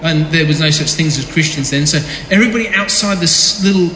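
Talking a little fast at a fairly high pitch, a man preaches with a bright, forceful tone, and there's a little hiss or hum. His casual sermon is conversational and jokey, with congregation interaction and frequent restarts that repeat words, echoing through a large hall with long reverb.

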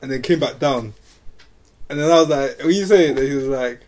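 A young man, co-hosting a casual podcast in an animated, slangy way. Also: mid-range voice, fairly quick. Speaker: podcast co-host. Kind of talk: casual chat.

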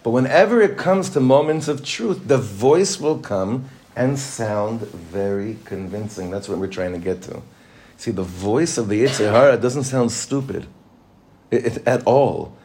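A man's voice: mid-range voice, animated, a little slow, darkish tone. A man, a rabbi, teaching a Torah class, probing his students with questions and mixing in Hebrew terms.

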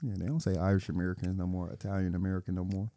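A man co-hosting a podcast in animated, joking casual chat. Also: deep voice, racing, no room sound, clean studio sound. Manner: animated, joking, laughs often. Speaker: podcast co-host.

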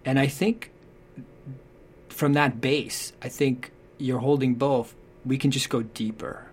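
A man talking earnestly about parenting in a relaxed conversation, acting out what parents and children say. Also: mid-range voice, takes it slowly, slight background noise. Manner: acts out quoted voices, thoughtful and earnest. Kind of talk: conversational advice talk.

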